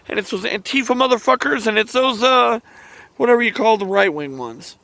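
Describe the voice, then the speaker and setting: A man hosting his own channel, delivering a heated, emotional monologue to camera, swearing often and pausing to sigh. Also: sits high, very animated, gravelly, a bit bright, a little hiss or hum. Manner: angry, profane ranting with sighs and restarts. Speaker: channel host.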